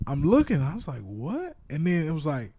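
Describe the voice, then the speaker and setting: A man's voice: fairly high pitch, wildly swooping pitch, fairly quick, warm tone. A man co-hosting a casual podcast, telling stories in a laid-back way and laughing often. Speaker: podcast co-host.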